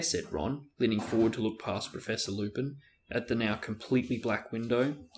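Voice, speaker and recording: A man hosting a show, reading a novel aloud in steady narration with occasional stumbles. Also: fairly low pitch, moderate pace. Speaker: host reading a book aloud. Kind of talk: book reading with character voices.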